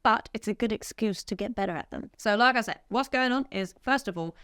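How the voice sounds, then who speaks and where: A woman's voice: mid-range voice, a little fast, few pauses. A woman teaching a drum lesson, upbeat and counting beats aloud as she plays. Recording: music studio with loud drum kit.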